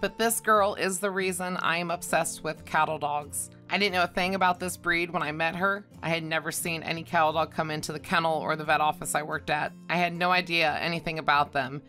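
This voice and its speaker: A woman's voice: sits low, steady tone, a little fast, sharp tone. A woman vlogging about her dog, reading a scripted personal tribute in a fond manner and chuckling often. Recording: faint guitar music behind.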